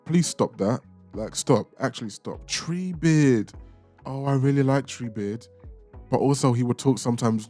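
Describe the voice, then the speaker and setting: A young man runs a reaction channel, casually ranking film characters in a medium-pitched, slightly mellow voice. He's chatty and opinionated, tossing out playful insults.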